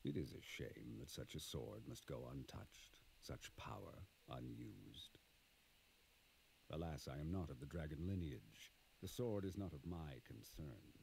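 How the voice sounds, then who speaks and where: Power-hungry old ninja master, game cutscene, gravelly, dark mellow tone. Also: male voice, a bass voice, animated, slight background noise, full character voice, poor audio. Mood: covetous. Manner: grave, measured speech. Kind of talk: video game cutscene dialogue.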